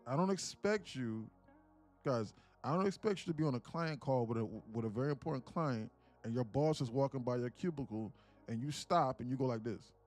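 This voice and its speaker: A man's voice: medium pitch, fairly quick, darkish tone, faint music behind. A man live-streaming his day trading, bantering loosely with chat in slangy, joking talk and cursing freely.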